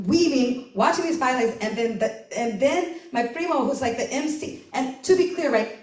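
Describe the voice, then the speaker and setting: Chatty woman telling a story live. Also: a little high. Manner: chatty, animated, full of "like" and "right?", laughing often. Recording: roomy live recording from a distance.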